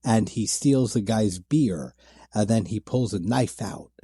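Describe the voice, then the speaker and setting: Husky low-voiced movie commentator. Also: male voice, measured pace, mellow, dry recording, clean studio sound. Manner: enthusiastic, laughs, loose filler-heavy retelling.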